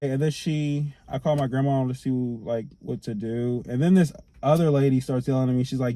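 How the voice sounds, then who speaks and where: A young man telling a storytime to camera, animated and slangy, swearing as he retells. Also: medium pitch, brisk, few pauses, dry recording.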